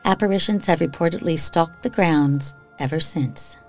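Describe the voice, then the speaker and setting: A woman's voice: low-pitched, moderate pace, darkish tone, faint music behind. A woman from Iowa hosting a podcast, reading spooky stories in a chatty way with casual asides. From Iowa, USA. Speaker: podcast host.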